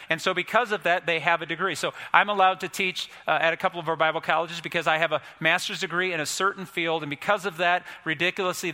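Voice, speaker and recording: A pastor preaches in a conversational, folksy way, his voice bright and a little high. A long reverb hangs after his words in a large church room. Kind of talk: sermon.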